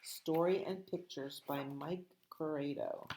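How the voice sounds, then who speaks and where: A middle-aged woman, a children's librarian, reading picture books aloud and chatting gently and playfully with small children. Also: low voice, steady tone, slow pace, vocal fry, slight background noise.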